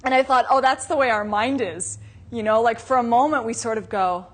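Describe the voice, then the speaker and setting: Speaking fairly quickly in a slightly high voice, this woman leads a live meditation class, giving a Buddhist dharma talk. She keeps things casual, sprinkling in plenty of "you know"s and side remarks while she tells stories and laughs lightly and often.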